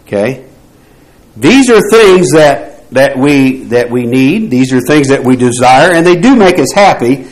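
A man's voice: on the high side, poor audio. A man teaching a Bible class, posing rhetorical questions to the group and often restarting his phrases.

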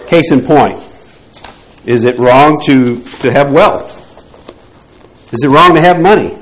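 A man's voice: medium pitch, slow pace, a bit bright, low-quality recording. A man teaching a Bible class, posing rhetorical questions to the group and often restarting his phrases.

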